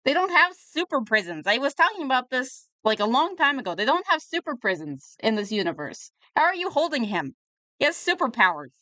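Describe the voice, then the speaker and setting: A woman's voice: high voice, big pitch swings, brisk, pushed and bright, dry recording. A young woman reviewing a webcomic in casual, sarcastic commentary, a little tipsy from drinking. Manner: chatty and sarcastic, riffing on the comic.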